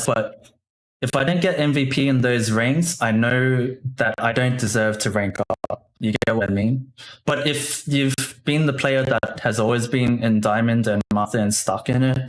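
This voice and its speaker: A man with an average-pitched voice talks casually about his own play, thinking aloud. He restarts phrases now and then and checks in with the listener, like a gaming host chatting with his audience. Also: fairly even intonation, unhurried, poor audio. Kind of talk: casual game commentary.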